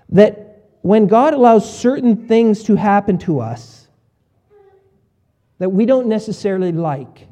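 A male pastor giving a conversational sermon. He often acts out what his listeners might say and often shifts between soft and loud. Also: high-pitched. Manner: conversational preaching with shifts in volume and voiced asides.

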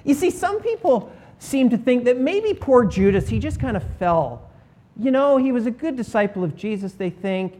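A male pastor delivering a sermon in an animated, emphatic way. His pitch rises and drops widely as he drives points home, and he slips into playful sarcasm. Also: moderate pace.

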